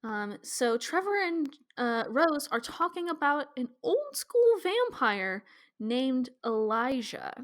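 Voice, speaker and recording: A woman from Kansas co-hosts a podcast, recapping episodes in casual chat full of playful asides and frequent laughter. Her voice is high, with big swings in pitch, and she speaks at a slow pace.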